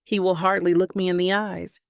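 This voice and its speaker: Woman, audiobook narrator, gravelly, dry studio sound, dramatic. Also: lowish voice, flat delivery, a little fast, dry recording. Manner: dramatic, voices characters' lines with emotion. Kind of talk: first-person romance audiobook narration.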